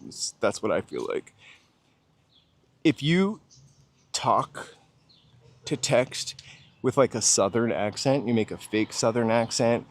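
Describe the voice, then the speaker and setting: A man's voice: mid-range voice, expressive, takes it slowly, long pauses. A man with a plain General American accent talks casually as he walks down a city street. He muses aloud, drifts between thoughts and stops to reply to his livestream viewers. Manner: chatty, musing aloud, answering viewers' chat. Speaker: walking tour livestream host. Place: outdoors on a city street while walking.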